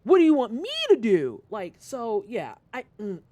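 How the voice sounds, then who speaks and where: A young adult livestreamer chatting casually to viewers, retelling a work story with animated swings and casual swearing. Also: medium pitch, moderate pace, no room sound.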